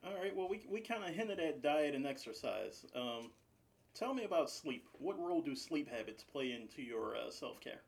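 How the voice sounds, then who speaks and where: A host asking guests brief, calm interview questions. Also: medium pitch, normal speed, gravelly. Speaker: podcast host.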